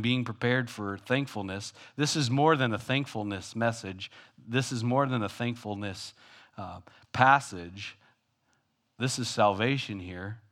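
A male pastor delivering a conversational, self-deprecating sermon, swinging between loud and hushed. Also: on the low side.

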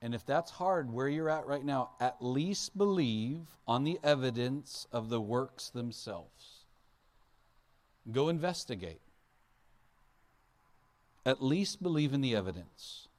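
Male pastor, sermon, chatty delivery, checks in with the crowd, mid-pitched voice. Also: lively intonation, slow pace, long pauses. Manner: conversational, asks the audience questions; acts out Bible figures in playful voices.

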